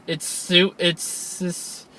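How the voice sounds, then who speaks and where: A man's voice: high-pitched, completely flat delivery, drawn-out words, pushed and bright. A young man co-hosting a casual film review chat, rambling and leaning on "like" with frequent restarts. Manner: rambling, fills with "like" constantly, restarts a lot. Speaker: podcast co-host.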